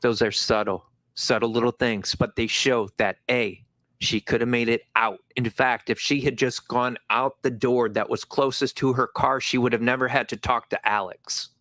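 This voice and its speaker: A man's voice: mid-range voice, fairly even intonation, normal speed, pushed and bright, no room sound. A man hosting a commentary channel who scolds and rants angrily at the people in the clips. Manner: angry, scolding rant. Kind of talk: recorded video commentary.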